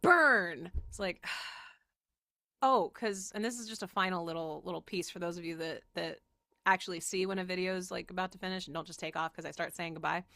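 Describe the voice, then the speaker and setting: A woman's voice: on the low side, fairly even intonation, a little fast, fairly bright tone, no room sound. A woman with a Southern US accent, chatting to camera in a rambling way and laughing often, sick and exhausted. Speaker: spiritual channel host. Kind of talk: casual talk to camera.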